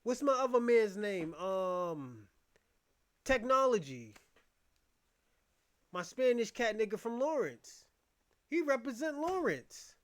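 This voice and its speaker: A man's voice: very high-pitched, big pitch swings, slow, pauses often, fairly bright tone. A man from Boston giving a casual commentary rant, blunt, profane and repetitive as he vents. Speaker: commentary host.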